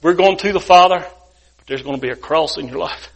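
A man's voice: a little high, brisk, gravelly. A man preaching as a guest speaker, telling a folksy parable in a colloquial, homespun way. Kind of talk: sermon storytelling.

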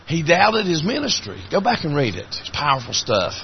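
A man with an Appalachian accent preaching a sermon, telling folksy stories in a voice that climbs high and cracks when he is moved. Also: wildly swooping pitch, moderate pace, dull audio, a little hiss or hum.

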